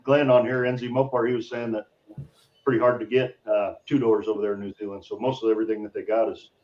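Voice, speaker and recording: A man's voice: on the low side, flat delivery, quick pace, darkish tone. A man who is a guest on a live stream, chatting in a laid-back, drawling way. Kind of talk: casual chat. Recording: dull lo-fi sound.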